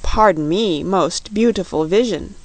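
A woman reading as a gentle, courtly big man. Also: lowish voice, unhurried. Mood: polite. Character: big, kindly, polite wandering man.

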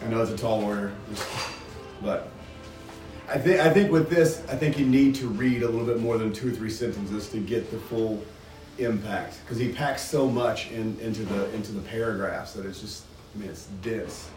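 A man's voice: lowish voice, normal speed, over music. A man leading a group book discussion and reading passages aloud, inviting and thoughtful. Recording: roomy, distant mic.

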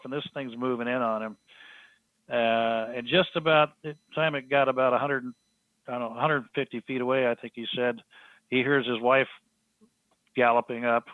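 A man's voice: medium pitch, normal speed, dry recording. A man, a guest in an interview, telling a story and acting out the quoted speech of the people in it. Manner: rambling storyteller who acts out quoted speech. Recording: tinny phone line.

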